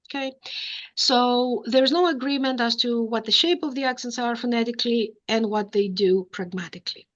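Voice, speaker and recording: A woman giving an academic lecture, explaining step by step, often pausing on "uh" and checking with "okay?". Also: a little high, fairly bright tone, highs cut off.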